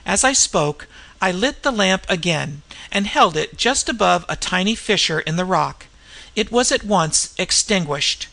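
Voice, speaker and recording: A reader with a gravelly, bright-edged voice narrates an old-fashioned mystery. The delivery is measured and even, in the manner of a classic audiobook. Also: mid-range voice. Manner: measured storytelling with character voices.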